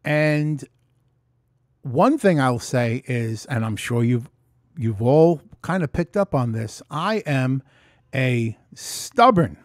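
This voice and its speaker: Man, animated and swearing a lot, talking straight into a close mic, dry sound. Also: medium pitch, slow pace, no room sound. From New York. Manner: profane, animated storytelling. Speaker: vlogger. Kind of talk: casual storytelling vlog. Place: room at home. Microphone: close mic in front.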